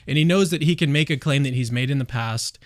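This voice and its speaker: A man hosting a casual livestream discussion, chatty and quick, hedging with fillers. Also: mid-range voice, no room sound, studio quality. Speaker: livestream host.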